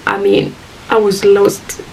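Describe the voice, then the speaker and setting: A woman recounts a painful personal story for her vlog audience. She speaks earnestly at a middling pitch and acts out each quoted exchange. She sits a little back from the mic, and a faint hiss runs under her voice. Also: sing-song, slow, creaky, a little mellow, distant mic, low-quality recording. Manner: earnest, addresses viewers as "guys", acts out quoted dialogue. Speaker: vlogger. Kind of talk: emotional storytime retelling.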